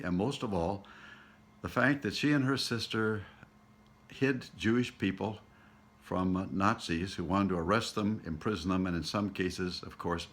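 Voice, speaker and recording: Older male minister, low-pitched, soft reflective storyteller with easy pauses. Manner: gentle, unhurried, with soft pauses and fillers. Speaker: minister telling a memory.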